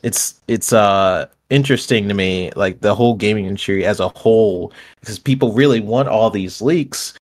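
A man chatting on a gaming podcast in a relaxed, halting way. His voice sits a little low. He pauses and restarts as he thinks. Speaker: podcast co-host. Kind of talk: casual chat.

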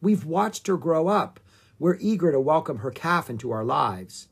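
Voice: medium pitch, moderate pace, husky, pitched above the performer's own voice. A storybook reader voicing a caring adult woman ranger who speaks earnestly. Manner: earnest, urgent.

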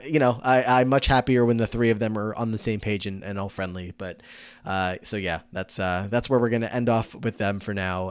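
A podcast co-host with a smooth, lowish voice, recorded without room sound, muses about a show in casual, analytical chat. He rambles, winding through his thoughts with many fillers and restarts.

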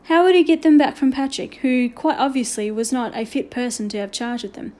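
A woman narrating a children's storybook aloud in an expressive, measured way. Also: high-pitched. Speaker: audiobook reader.

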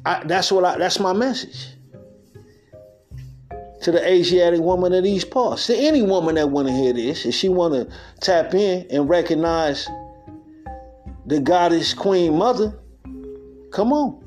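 A man's voice: high voice, expressive, a little slow, pauses often, darkish tone, soft background music. A podcast host, a man, giving a loose spiritual monologue in a street-talking way, laughing often and acting out what people said.

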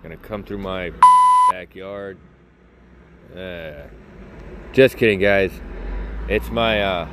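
Deep voiced guy joking around on his vlog outside, loose and rambly, bit of background noise. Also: fairly even intonation, slow, pauses often, a bit bright. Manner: joking, rambling, self-mocking. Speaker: vlogger.

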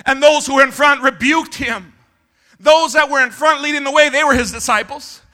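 Male pastor preaching a fiery church sermon, pitched very high with a piercing, forceful tone. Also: normal speed. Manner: impassioned preacher, shouts to the congregation for response. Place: church service.

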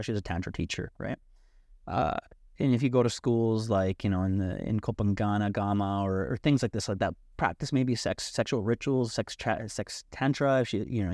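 A young adult man telling a personal story as a podcast guest, animated and swearing freely while acting out what others said. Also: lowish voice, dry recording, clean studio sound. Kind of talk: casual storytelling.

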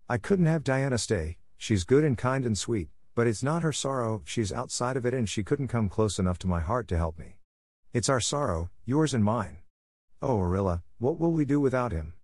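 A man's voice: lowish voice, animated, moderate pace, darkish tone, no room sound, clean studio sound. A man reading aloud voices a grieving, earnest orphan girl in a raised voice.

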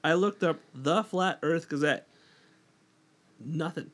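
A man's voice: fairly high pitch, slow pace. A man from Canada co-hosting a casual talk podcast, adding dry, teasing quips to his co-host's stories. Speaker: podcast co-host. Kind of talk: casual chat.

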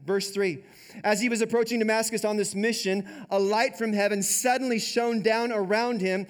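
A male pastor preaching a sermon in a conversational, animated way, often saying "like.". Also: sits high, clear, resonant tone.

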